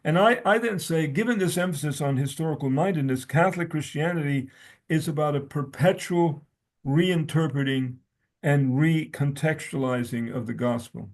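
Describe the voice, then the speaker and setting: A man's voice: fairly high pitch, normal speed. A man talking as a guest scholar, reading from his own essay and quoting sources, often restarting his sentences.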